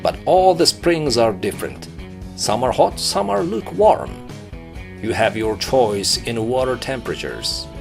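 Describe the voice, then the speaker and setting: A man narrates a travel program from a script, and his pitch moves a lot from line to line. He often turns to the viewer with questions. Plucked guitar music plays clearly under his voice. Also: sing-song, measured pace. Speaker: travel show host.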